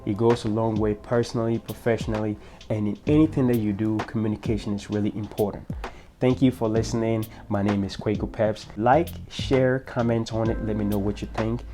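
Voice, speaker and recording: A man's voice: on the low side, steady tone, brisk, music in the background. A man hosting his own channel, giving a motivational talk in an earnest, instructive way that speaks straight to the listener. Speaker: host of a self-improvement channel.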